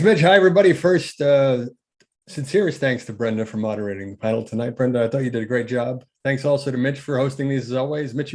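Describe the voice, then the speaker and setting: A man delivers a brief, polished campaign pitch with an upbeat tone. He speaks over a video call. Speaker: local candidate. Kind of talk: short campaign pitch at an online meeting.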